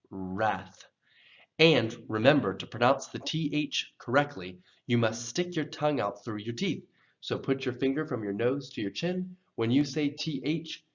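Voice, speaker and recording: Slow, patient man teaching pronunciation. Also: mid-range voice. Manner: patient, repeats words slowly for learners. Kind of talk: slow, careful pronunciation lesson. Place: church program video. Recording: dull, lo-fi sound.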